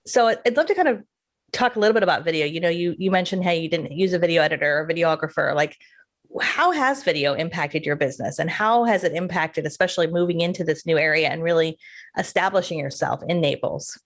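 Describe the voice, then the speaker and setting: A woman's voice: sits low, expressive, quick pace. A woman hosting an interview over a video call, asking long friendly questions with small restarts. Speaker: podcast host. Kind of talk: casual interview.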